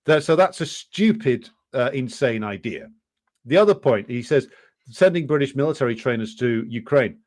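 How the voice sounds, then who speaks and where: A man's voice: mid-range voice, expressive, moderate pace, darkish tone. A man co-hosting a political podcast, reading an article aloud and adding sardonic, mocking asides. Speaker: podcast co-host. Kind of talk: casual political chat, reading quotes aloud.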